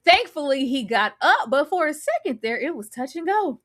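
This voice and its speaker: Woman co-host, casual TV recap, high voice, swooping animated delivery, re-enacts her yelling. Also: normal speed. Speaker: podcast co-host.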